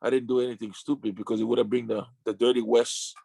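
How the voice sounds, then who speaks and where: A man in his fifties, a retired sumo wrestler, telling his story in an interview with emotional, halting restarts and casual slang. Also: mid-range voice, level tone, gravelly, mellow, slightly rough, dry recording. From Samoan family.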